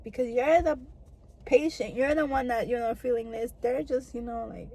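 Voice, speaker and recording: Young woman vlogging, chatty storytime, says like and girl a lot, kinda high voice. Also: moderate pace, vocal fry, mellow, breathy edge, rough recording. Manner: chatty, lots of "like" and "girl" fillers. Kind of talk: casual storytime chat to camera.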